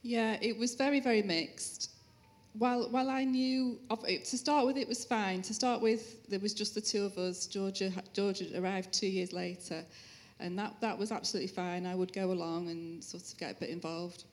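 Gentle woman sharing her testimony. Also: mid-range voice, steady tone, normal speed. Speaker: interview guest, musician's wife. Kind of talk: personal testimony.

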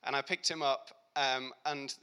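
A young man giving a heartfelt personal faith testimony, speaking earnestly and reflectively with pauses and restarts. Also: medium pitch, little pitch movement, bright, forceful tone, smooth. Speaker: Christian speaker.

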